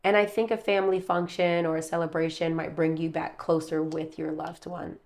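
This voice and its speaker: A woman's voice: low voice, flat delivery, moderate pace, a little mellow. Chatty woman giving a tarot reading. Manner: chatty, rambling, calls viewers babe and baby. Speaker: tarot reader. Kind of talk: casual tarot reading to camera. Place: her room at home.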